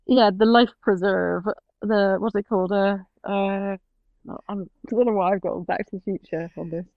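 A woman's voice: mid-range voice, steady tone, moderate pace, vocal fry, dry recording, phone-quality sound. A woman chatting casually, laughing often and poking fun at herself. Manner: laughs often, self-mocking. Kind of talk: casual chat.

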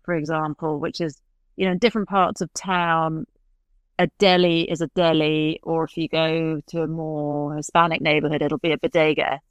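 Chatty British woman, low voice. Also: little pitch movement, normal speed, clean tone, no echo. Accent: British English. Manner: chatty, laughs often, trails off mid-sentence. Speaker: guest. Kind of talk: casual conversational interview.

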